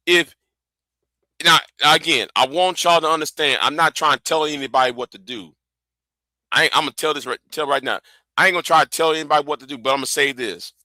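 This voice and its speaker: A man's voice: on the high side, pushed and bright, no echo. A man hosting a livestream, ranting angrily and profanely, often repeating himself and stumbling over words. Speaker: livestream host. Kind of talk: heated livestream rant.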